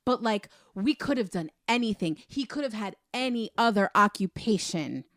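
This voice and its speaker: A woman's voice: medium pitch, lively intonation, a bit bright, no room sound. Emphatic woman podcast co-host, dry sound. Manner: emphatic, exasperated, talks fast when heated. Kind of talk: casual film review chat.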